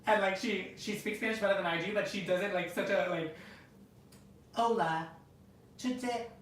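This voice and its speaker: A young woman co-hosting a casual entertainment chat, easygoing and chatty, quick to agree. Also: medium pitch, steady tone. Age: young adult. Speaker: co-host. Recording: echoey room, mic at a distance, faint noise.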